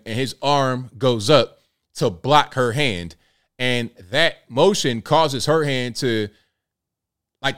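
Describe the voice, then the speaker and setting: A man in his thirties with a medium-pitched, fairly bright voice hosts a casual commentary show, chatting and sounding incredulous as he talks through a clip.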